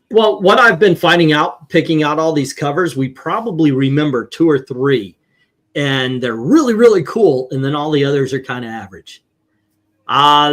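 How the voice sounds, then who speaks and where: Upbeat male host, slightly high voice, casual livestream panel chat, tallies scores aloud. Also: fairly bright tone. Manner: upbeat, tallying votes aloud.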